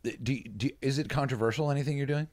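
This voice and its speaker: A man's voice: mid-range voice, quick pace, darkish tone, no room sound. A man hosting a podcast, asking rambling questions full of fillers. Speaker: podcast host. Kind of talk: casual podcast interview.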